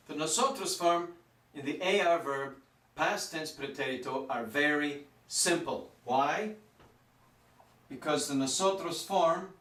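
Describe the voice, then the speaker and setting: Slow, deliberate man teaching in an echoey room. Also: a little high, fairly bright tone. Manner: slow, deliberate, stretches out Spanish words for pronunciation. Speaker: Spanish teacher. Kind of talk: whiteboard grammar lesson. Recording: roomy echo, mic some distance off.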